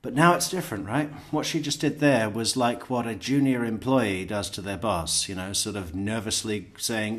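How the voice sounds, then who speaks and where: A man's voice: fairly low pitch, normal speed, hardly any pauses. A man giving blunt, sarcastic commentary on an interrogation video, and breaking into mocking impressions of the people in it. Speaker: true crime commentator.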